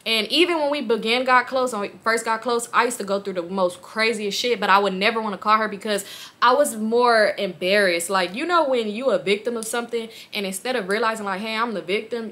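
A young woman vlogger telling a personal story in a candid, animated way, swearing freely. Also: fairly high pitch.

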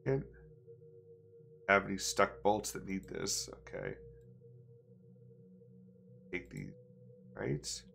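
Guy streamer, low voice, goofy dramatic reading of game stuff, faint music. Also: huge pitch swings, very slow, gravelly, pauses often, bright, forceful tone. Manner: playful, reads text aloud with mock drama. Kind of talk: casual game commentary.

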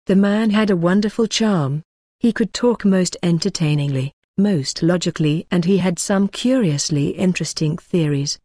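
A woman narrating a classic novel as an audiobook, with a measured, unhurried reading. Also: fairly low pitch, dark tone, no room sound, clean studio sound.

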